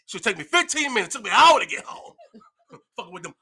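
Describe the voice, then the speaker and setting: Boisterous, husky high-voiced man. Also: very animated, brisk, sharp tone. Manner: boisterous, profane, laughs often. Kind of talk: casual chat.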